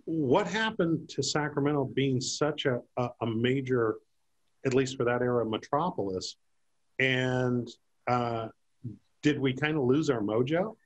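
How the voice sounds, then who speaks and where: A man's voice: medium pitch, measured pace, highs cut off. A man hosting an interview, asking curious questions and sometimes searching for words. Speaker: TV host interviewer.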